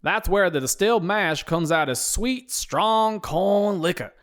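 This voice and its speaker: A narrator voicing a male backwoods moonshiner on TV with a thick Southern US backwoods accent, slow and folksy. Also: mid-range voice, animated, pitched above the performer's own voice, close to an everyday voice.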